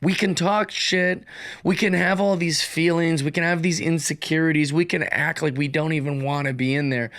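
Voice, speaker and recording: A man's voice: on the high side, moderate pace, no room sound, clean studio sound. A man in his forties, a comedian, talking through a casual solo monologue full of fillers and restarts. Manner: rambling, filler-heavy, animated storytelling. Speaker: comedian hosting his own show.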